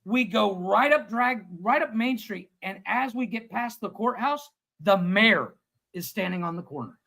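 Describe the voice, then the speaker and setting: A man in his thirties co-hosting a casual livestream chat, telling a long story with lively acted-out quotes and plenty of swearing. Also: high voice, a little slow, vocal fry, low-quality recording. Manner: animated storyteller, acts out quotes, swears freely. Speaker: podcast co-host.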